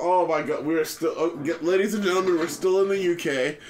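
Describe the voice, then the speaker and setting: A man hosting a casual let's play, excitable and joking, swearing and laughing often. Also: fairly high pitch, a little fast, a little hiss or hum. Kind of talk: casual gaming commentary.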